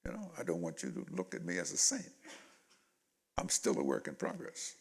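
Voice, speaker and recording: A man in his eighties, a guest speaker telling stories from his life to a panel audience in an animated way. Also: low-pitched, normal speed, creaky, a little hiss or hum. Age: 80s. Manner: animated storyteller, voices quotes loudly. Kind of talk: storytelling in a panel talk.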